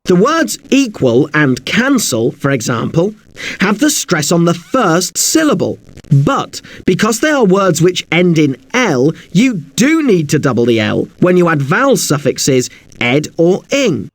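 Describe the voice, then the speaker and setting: A man's voice: a little high, sing-song, measured pace, no echo. A man teaching an English spelling lesson, polite and a little apologetic, who spells words out letter by letter.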